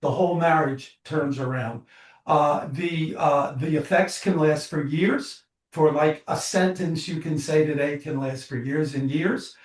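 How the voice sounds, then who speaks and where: A man guesting as a psychologist and author tells stories in an animated, restless way, stumbling through fillers and restarts. His voice sits a little high for a man. It rings in an echoey room and is picked up from some distance. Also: a little slow. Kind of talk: interview storytelling.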